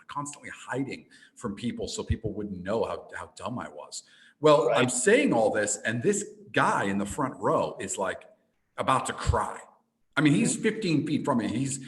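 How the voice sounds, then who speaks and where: Animated man telling a story. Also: mid-range voice, rough recording. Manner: animated, with repeated restarts. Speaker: podcast guest, entrepreneur and speaker. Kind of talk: storytelling in a casual interview.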